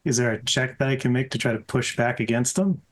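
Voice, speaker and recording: A man's voice: medium pitch, brisk. Hesitant man asking about game rules. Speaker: player. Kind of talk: casual tabletop play.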